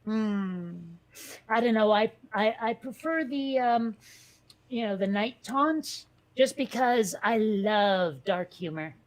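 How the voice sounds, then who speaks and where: Chatty woman with a higher voice. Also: takes it slowly. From from a Catholic Italian family. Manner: chatty, hesitant with many fillers. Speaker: podcast co-host. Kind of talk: casual chat.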